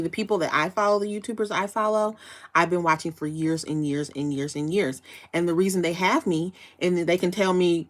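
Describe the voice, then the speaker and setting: Bubbly young woman chatting on a livestream. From United States. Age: young adult. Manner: bubbly, chatty, breaks into excited high squeals. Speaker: livestream host. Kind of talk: casual livestream chat with viewers.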